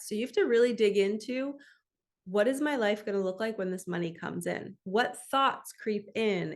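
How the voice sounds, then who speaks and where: A middle-aged woman, a spiritual coach, giving a soft, affirming motivational talk to camera and slowing down for the self-talk phrases. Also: mid-range voice.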